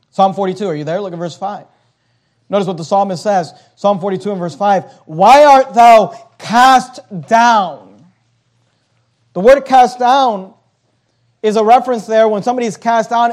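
A pastor delivering a sermon in a high voice. He reads old scripture wording aloud, then drops into quiet, low explanation. His delivery moves between emphatic, raised passages and soft ones.

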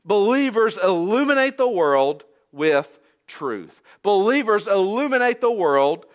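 A man preaching a sermon, quoting scripture in a measured, emphatic way with falling phrase endings. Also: high-pitched, big pitch swings.

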